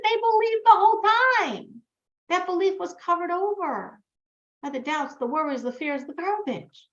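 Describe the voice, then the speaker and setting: Woman teacher, high voice, lively class delivery with loud and hushed swings, muffled lo-fi audio. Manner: animated, swings between loud emphatic and hushed lines. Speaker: Torah teacher. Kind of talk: spoken class to a group. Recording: dull, lo-fi recording.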